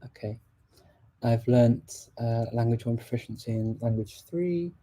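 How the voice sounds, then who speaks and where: A man's voice: medium pitch, unhurried, dark tone. A man hosting a casual live stream, answering viewer questions with many fillers and restarts. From England. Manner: hesitant, many fillers and restarts while switching languages.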